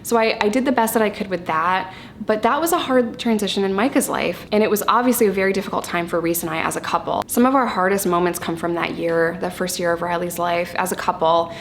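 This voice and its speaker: A woman in her thirties talking candidly and casually to camera about her parenting, chatty and quick to laugh. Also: fairly low pitch, vocal fry, slight background noise. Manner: candid, chatty, laughs easily, occasional swearing. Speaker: parenting vlogger.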